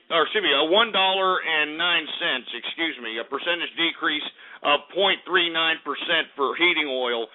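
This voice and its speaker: Brash, profane male talk radio host. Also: sits high. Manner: brash, profane, insulting listeners, rattling off figures. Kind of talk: ranting market report on talk radio. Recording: tinny phone-like radio audio.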